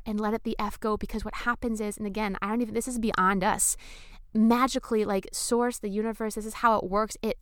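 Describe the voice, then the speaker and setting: A woman speaking straight to her followers about manifestation, effusive and excited. She swears casually. Her voice is smooth and clear at a middle pitch, recorded dry and close. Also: no room sound. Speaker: spiritual vlogger. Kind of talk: casual spiritual talk to camera.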